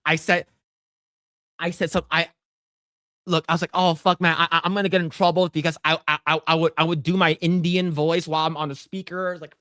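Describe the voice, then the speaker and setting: A man's voice: on the high side, steady tone, brisk, sharp tone, no echo, clean studio sound. A man in his thirties co-hosting a podcast, telling a long casual story with stammers and restarts, acting out quotes. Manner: rambling, stammers and restarts, acts out quotes in shifting voices. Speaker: podcast co-host.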